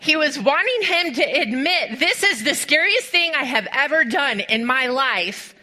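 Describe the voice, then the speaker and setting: A woman preacher delivering a sermon to a congregation, telling stories with lively rhetorical questions and speaking directly to her listeners. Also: sits high, unhurried. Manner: animated storytelling with rhetorical questions.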